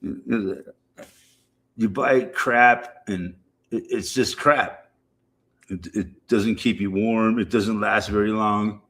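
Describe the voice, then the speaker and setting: A middle-aged man with a fairly low voice rambles casually to his livestream viewers. He swears freely, circles back and repeats himself as he chats. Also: fairly even intonation, slow, fairly bright tone. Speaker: livestream host.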